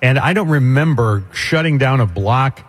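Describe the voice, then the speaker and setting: Radio co-host, man, husky and easygoing, mid-pitched, casual banter. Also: animated, normal speed, soft background music. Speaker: radio talk show co-host.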